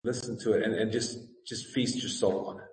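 A man preaching a sermon as a pastor, reading scripture with mounting fervor and then teaching slowly and earnestly, often repeating his words. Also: on the low side, fairly even intonation, darkish tone. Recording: echoey hall, distant mic.

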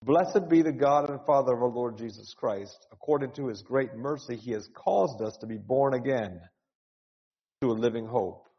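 A man's voice: medium pitch, normal speed. Man preaching an earnest sermon in a reverberant hall. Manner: earnest, urgent preaching with repeated words and rising cries. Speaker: pastor. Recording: dull sound with long hall reverb.

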